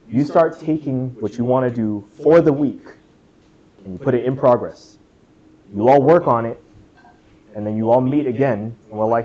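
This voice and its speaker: A young man speaks at a moderate pace with frequent pauses, his mid-range voice mellow, while presenting a club workshop to students in a classroom. Casual and joking, he questions the room and says "right?" a lot; highs are cut off.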